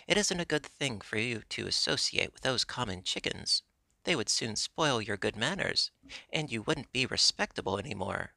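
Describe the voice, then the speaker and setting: A man voicing an earnest, proper young girl in a storybook reading, speaking a little higher and primly. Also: lively intonation, moderate pace, gravelly, bright, forceful tone, no echo, full character voice. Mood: dismayed.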